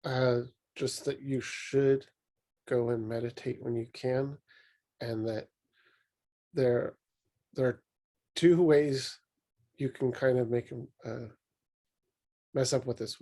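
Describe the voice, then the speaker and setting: A man co-hosting a podcast, giving relaxed, plain-spoken advice in a casual way. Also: mid-range voice, takes it slowly, long pauses. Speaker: podcast co-host.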